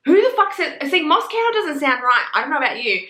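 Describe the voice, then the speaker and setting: Excitable, swearing Australian woman in a roomy room. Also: high-pitched, fairly quick. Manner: gushing, profane, excitable. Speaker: book reviewer. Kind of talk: casual book review vlog.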